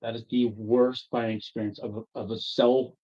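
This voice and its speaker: A man telling a long story to friends in casual talk, profane and animated, acting out his own angry quotes. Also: medium pitch, moderate pace. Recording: dull lo-fi audio.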